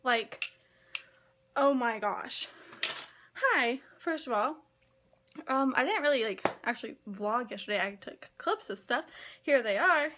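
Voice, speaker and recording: A young woman in college vlogging excitedly and gushing, with lots of "like" fillers. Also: on the high side, a little slow, long pauses, noisy background. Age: young adult. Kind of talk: casual vlog.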